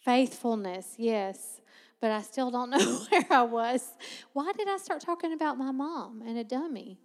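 A woman preaching a sermon, teaching with lively asides and frequent laughter. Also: fairly high pitch, measured pace, in a large hall.

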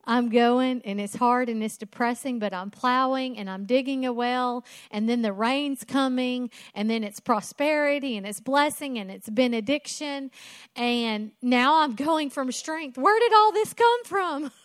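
A woman's voice: fairly high pitch, measured pace, clear, resonant tone, no room sound. A woman preaching a sermon in an emphatic way, asking rhetorical questions and repeating phrases for effect.

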